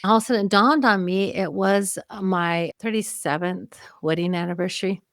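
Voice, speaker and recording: A woman's voice: mid-range voice, fairly even intonation, moderate pace, a bit bright, no echo, clean studio sound. A woman in her fifties from Mexico, a podcast guest telling a personal story earnestly and with emotion. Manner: earnest, emotional, vividly reliving memories.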